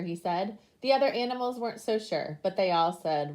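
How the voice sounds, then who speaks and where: A young woman teacher reading a picture book aloud to her class, with lively animal sounds. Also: mid-range voice, moderate pace, few pauses.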